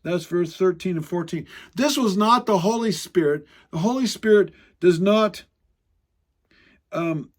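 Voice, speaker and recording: A man teaching a sermon in a conversational, emphatic way, slowing down for dramatic quotes. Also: sits high. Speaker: Bible teacher.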